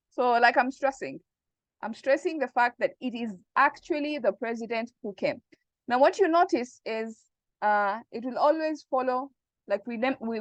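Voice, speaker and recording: A woman teaching Arabic grammar in an online class, explaining slowly and checking that students follow. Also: on the high side, dry recording, lo-fi sound. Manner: patient, repeats points and checks understanding.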